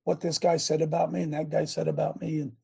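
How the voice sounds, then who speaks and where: A man hosting a talk show in a preachy, rambling rant. He swings from loud outbursts to low asides and restarts his sentences often. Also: little pitch movement, fast talker, vocal fry, breathy edge. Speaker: show host.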